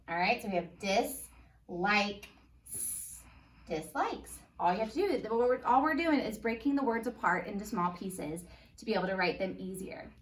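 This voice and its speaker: A woman's voice: mid-range voice, recorded from a distance. Upbeat woman teaching phonics to kids. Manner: upbeat, patient, sounds words out slowly. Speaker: first grade teacher. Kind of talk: phonics lesson for young children.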